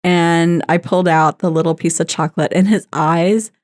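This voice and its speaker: Middle-aged woman, low-pitched, sharing personal stories in a candid, conversational way. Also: fairly even intonation, moderate pace, darkish tone. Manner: candid, conversational, laughs often, many fillers. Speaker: talk host. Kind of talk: personal talk on positive mindset.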